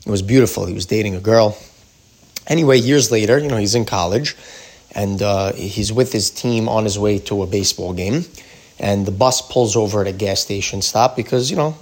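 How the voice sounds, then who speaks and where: A man's voice: fairly low pitch, breathy edge. A man telling a story in a religious lesson, in a casual way with many fillers. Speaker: teacher.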